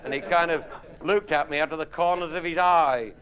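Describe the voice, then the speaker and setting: A man's voice: a little high, a little fast, a bit bright. A man telling earthy, swearing comic stories to a live audience. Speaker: after-dinner raconteur. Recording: noisy 1969 live recording. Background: audience laughter.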